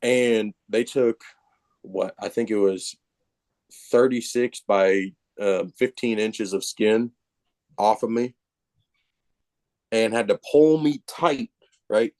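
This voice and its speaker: A man telling a personal story as a podcast guest, casual, animated and self-mocking, with plenty of profanity. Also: lowish voice, takes it slowly, long pauses, no room sound.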